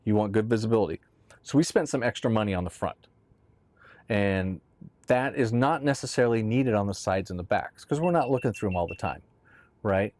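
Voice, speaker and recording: A man's voice: fairly low pitch, lively intonation, fairly quick, darkish tone. A man casually explaining boat gear in a conversational how-to talk, often checking in with "right?". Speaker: boat owner explaining boat tops.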